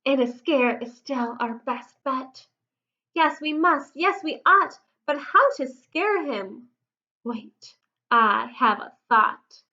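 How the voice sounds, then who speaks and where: A woman voicing a sensible mother bear who gives brisk rhyming instructions in a storybook read-aloud. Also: sits high, expressive, sharp tone, muffled recording, heavily acted.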